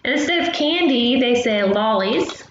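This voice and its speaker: A woman's voice: fairly high pitch, expressive. Chatty woman teaching kids in an echoey room. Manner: chatty, explains simply with many pauses. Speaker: travel agent host. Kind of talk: casual lesson for young children. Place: home room. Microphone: laptop microphone. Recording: dull, echoey room with background noise.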